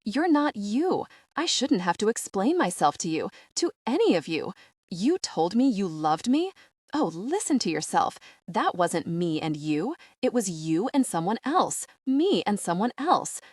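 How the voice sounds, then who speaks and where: Lady doing an angry clown girl, gasping and bitter, big swings in pitch. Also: sing-song, a little slow, no room sound, studio quality. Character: furious young woman clown thief, gasping.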